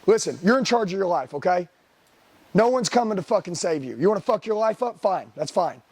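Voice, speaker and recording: A man's voice: high voice, expressive, brisk, darkish tone, breathy edge. A middle-aged man giving a blunt, profane motivational sales seminar talk, firing rhetorical questions at the room. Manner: profane, blunt, hard-driving. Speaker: sales trainer.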